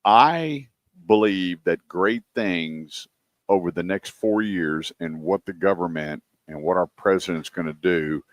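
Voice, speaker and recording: A man hosts a radio talk show, spinning anecdotes in a lively, chatty way. His voice sits on the low side. The studio sound is close and dry. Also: unhurried, dry recording. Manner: animated storyteller, acts out quotes.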